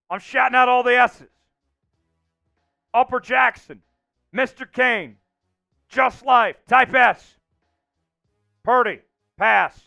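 A man hosting a livestream and calling the plays of a simulated football game, reading names from the chat and getting loud on big plays. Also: very high voice, takes it slowly, gravelly, long pauses, smooth, faint music behind. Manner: excitable, shouts out chat names and hypes touchdowns. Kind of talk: live play-by-play commentary.

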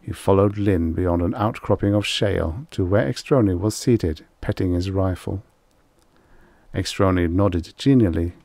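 A man narrating an audiobook in a steady, measured reading. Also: low voice, no room sound. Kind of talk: scripted narration.

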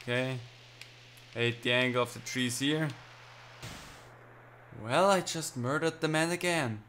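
A gaming channel host talks in a mid-range, unhurried, fairly bright voice over a faint hiss or hum. His let's-play commentary is casual, rambling and self-mocking as he plays a video game.

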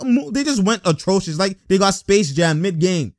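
Excitable young man in a dry room. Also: sits high, normal speed, few pauses, dry recording. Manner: excitable, laughing, slangy and blunt. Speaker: basketball reaction commentator. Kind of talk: casual reaction commentary.

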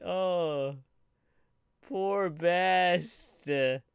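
A man live-streaming his reaction to a trailer, animated and profane, laughing often. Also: high-pitched, measured pace, long pauses, clear, resonant tone, dry recording.

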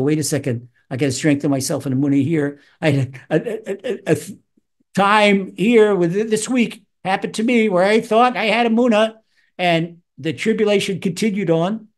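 A man teaching Psalms as a rabbi, animated, acting out voices with wide swings in pitch. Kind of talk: Torah lesson.

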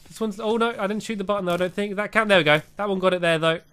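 A man chatting excitably while playing a game with a friend, laughing often. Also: sits high, racing, clean tone. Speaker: gamer. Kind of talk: casual gameplay chat.

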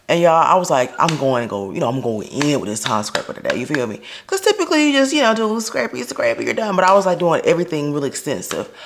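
In her home kitchen, a woman chats straight to her viewers in a casual vlog, her low voice hoarse and raspy from a sore throat. She talks quickly in a sing-song way and laughs often, with a little hiss or hum in the background.

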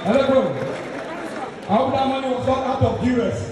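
A man with a Nigerian accent working as MC at a live show, hyping the crowd loudly and slipping into Pidgin. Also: very high voice, steady tone, brisk. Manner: loud, rousing, mixes in Pidgin. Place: live show venue in London. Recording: echoey hall from far off, loud crowd.

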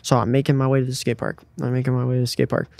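A young man on a podcast, telling a story in a casual, animated way and acting out what people said. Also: mid-range voice, very fast, gravelly, no echo. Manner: animated, acts out quotes with frequent "like" and "you know what I mean". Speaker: guest skateboarder.

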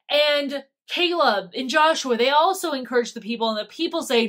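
A woman's voice: sits high, moderate pace, few pauses. Chatty woman retelling Bible stories. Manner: chatty, animated storytelling with slang. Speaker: Bible teacher. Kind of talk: casual Bible study retelling.

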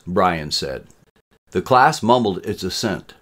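A man narrating his own story in a lively, expressive reading manner. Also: deep voice, measured pace. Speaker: author reading his novel.

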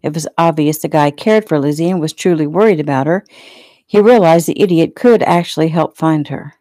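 Low-voiced woman reading her novel. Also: moderate pace, mellow, no echo. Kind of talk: casual audiobook reading.

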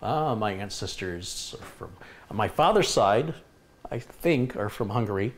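A man's voice: fairly low pitch, expressive, unhurried. A man hosting a casual tech live stream, chatting enthusiastically with viewers. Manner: chatty, enthusiastic, reads viewer comments aloud.

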